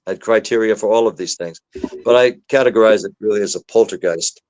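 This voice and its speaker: A man's voice: lowish voice, fast talker, dry recording, low-quality recording. A man, a demonologist guest, telling his story in a podcast interview and acting out the voices he quotes. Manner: animated, acts out the voices he quotes.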